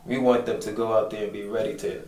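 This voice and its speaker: A man's voice: lowish voice, level tone, quick pace, mellow, reverberant, far from the mic, low-quality recording. A man co-hosting, talking earnestly heart to heart, full of "you know" and "like.". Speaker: co-host. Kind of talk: heart-to-heart conversation.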